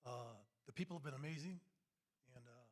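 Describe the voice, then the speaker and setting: A male guest speaker answers the host in a soft, relaxed voice with a slightly raised pitch. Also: brisk.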